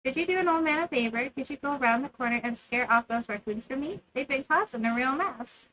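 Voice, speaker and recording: A woman voicing a gruff old man who lives off scraps, grumbling as she reads game dialogue aloud. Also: high-pitched, animated, a little fast, sharp tone, low-quality recording.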